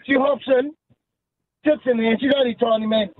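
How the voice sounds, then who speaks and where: Australian male caller on a tinny phone line, high-pitched, animated and slangy. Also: a little fast, dry recording. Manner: animated storyteller, slangy, acts out family voices.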